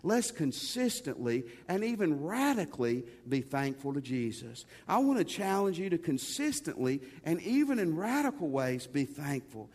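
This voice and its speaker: A man's voice: a little high, sing-song, normal speed, few pauses, a little mellow. A man preaching a sermon to a congregation, talking conversationally and calling his listeners folks. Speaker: pastor. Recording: long hall reverb.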